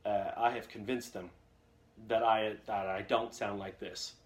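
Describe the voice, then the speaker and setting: A man's voice: fairly low pitch, fairly even intonation, measured pace. Rambling man chatting on a live stream. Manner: rambling storyteller, jumps between anecdotes with many fillers. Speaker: voice actor hosting a live Q&A. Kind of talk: casual live-stream chat.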